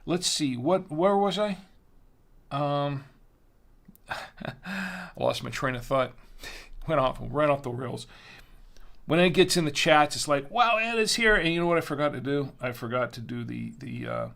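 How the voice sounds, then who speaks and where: Chatty gravelly-voiced man hosting a livestream. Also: medium pitch, sharp tone. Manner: rambling, chatty, self-deprecating with frequent fillers. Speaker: host of a wine tasting livestream. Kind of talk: casual live-stream chat.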